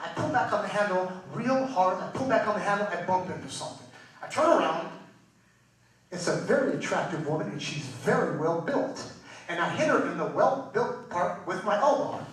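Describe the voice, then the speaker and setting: A man's voice: sits high, lively intonation, moderate pace. A man doing live stand-up, firing off one-liners and acting out each character. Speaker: stand-up comedian. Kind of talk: live stand-up joke telling. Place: live show stage, Las Vegas. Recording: echoey hall from far off.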